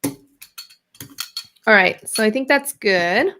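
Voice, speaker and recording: Slow, gravelly-voiced woman chatting while crafting. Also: medium pitch, lively intonation, pushed and bright, slight background noise. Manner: chatty, rambling and playful, greeting viewers while working. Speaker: art journaling livestream host. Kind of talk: casual livestream craft demo.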